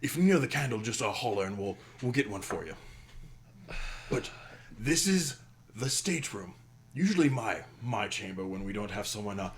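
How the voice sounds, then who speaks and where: A man voicing a big, cheerful male minotaur ship captain who talks in a hurried, booming way. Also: lightly acted.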